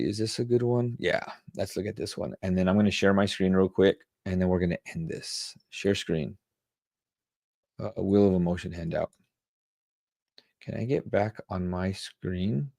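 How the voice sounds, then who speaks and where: A man's voice: lowish voice, vocal fry, darkish tone, no echo, studio quality. A man running a casual leadership Q&A, talking things through aloud and firm about standards. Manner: conversational, thinks aloud while searching and sharing screen. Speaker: leadership coach. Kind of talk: casual teaching Q&A.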